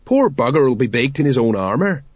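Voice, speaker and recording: A man's voice: medium pitch, big pitch swings, moderate pace, breathy edge, dry recording, muffled recording. A man voicing a stolid, know-it-all older city watchman who talks in a matter-of-fact way.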